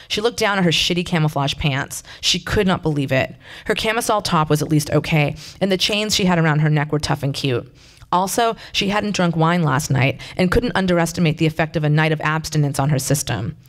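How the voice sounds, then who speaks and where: A reader narrating a short story aloud in a plain, conversational manner. The voice sits at a middling pitch and moves along steadily, now and then stepping out of the text for a casual aside. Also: brisk, fairly bright tone. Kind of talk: reading fiction aloud.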